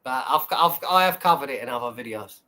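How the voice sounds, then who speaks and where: A man's voice: mid-range voice, expressive, brisk, pushed and bright. A man hosting his own live stream, chatting loosely to his viewers. He rambles through a story, swears freely and laughs a lot as he talks. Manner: rambling, sweary, laughs often, tells stories. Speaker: livestream host. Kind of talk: casual live-stream chat.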